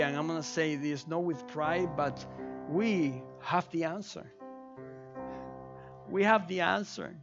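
Male pastor preaching slow n fervent, kinda high voice, dull lo-fi sound w keyboard playing. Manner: fervent, repetitive pleading prayer. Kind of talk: sermon and altar prayer. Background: keyboard music.

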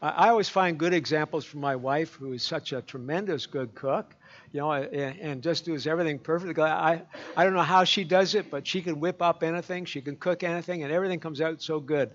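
Folksy pastor preaching. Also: male voice, fairly high pitch, fairly quick, a bit bright. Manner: folksy and rambling, with many fillers and restarts. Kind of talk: sermon. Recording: dull lo-fi recording.

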